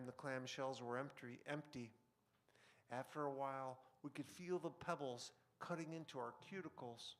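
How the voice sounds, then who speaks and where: A man in a broadcast studio reading a short story he wrote, with relaxed, conversational asides and filler words between passages. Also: mid-range voice. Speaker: author reading his own fiction. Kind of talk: live fiction reading with casual asides.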